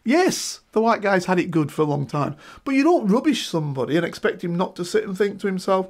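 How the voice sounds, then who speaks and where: A middle-aged man, talking in an emphatic, animated way and checking in with "right?" as a guest in a casual discussion. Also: high voice, fairly quick, hardly any pauses.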